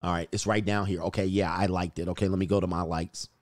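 A man's voice: low voice, level tone, fast, no room sound, clean studio sound. A man, hosting a casual livestream about dating, joking, laughing often and swearing freely. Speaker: dating coach streamer.

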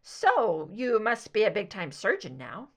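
A woman's voice: mid-range voice, huge pitch swings, a little slow, exaggerated voice. A woman doing a cheerful oblivious young man. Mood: friendly. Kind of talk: audiobook reading of fan fiction.

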